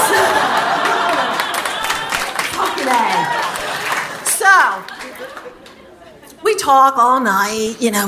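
A woman telling a personal story to an audience, candid and animated, acting out what others said and swearing casually. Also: medium pitch, noisy background. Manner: candid, animated retelling with quoted voices.

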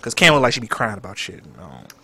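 Animated young man with a bright voice. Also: lowish voice, fast, breathy edge. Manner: animated, dramatic outbursts. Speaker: podcast co-host. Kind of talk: casual chat.

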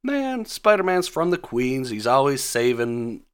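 A man's voice: medium pitch, very animated, measured pace, clean tone, voice pushed up. A man voicing a laid-back, joking male villain in a slightly raised voice.

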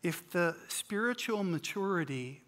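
Preacher giving a sunday sermon, slow deliberate delivery, bright forceful tone, jokes then drops quiet. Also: mid-range voice, animated. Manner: dramatic, acts out scripture scenes, swings loud and soft; humorous asides. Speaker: pastor.

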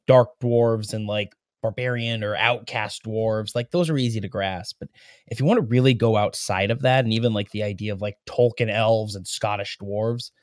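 A man's voice: lowish voice, no echo, clean studio sound. A man chatting casually on a podcast, explaining his ideas at length.

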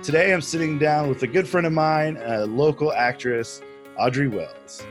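A man's voice: fairly high pitch, moderate pace, over music. A man hosting a theater podcast, talking casually and playfully with a friend, often restarting his sentences. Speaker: podcast host. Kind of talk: casual chat.

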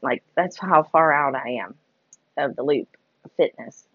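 A woman's voice: low-pitched, measured pace, slightly rough, dry recording. A woman telling a rambling, self-deprecating story in a casual vlog, full of "like" and "you know", on a dull lo-fi recording. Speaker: vlogger.

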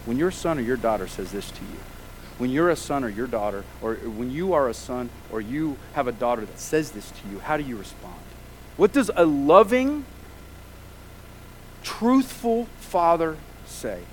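A man's voice: medium pitch, big pitch swings, normal speed, a little hiss or hum, low-quality recording. A man preaching a sermon as pastor, emphatic and full of rhetorical questions.

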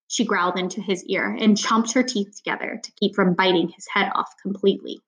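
A woman's voice: mid-range voice, flat delivery, brisk, few pauses. A woman reading a novel aloud in a plain voice, stopping now and then for casual asides, with small slips in her reading. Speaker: audiobook reader.

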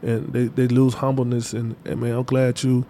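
A man's voice: medium pitch, flat delivery, moderate pace, mellow, a little hiss or hum. A man talking casually as an interview guest, in loose slang with lots of fillers and repeats. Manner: loose, repetitive street slang with many fillers. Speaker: interview guest, artist manager.

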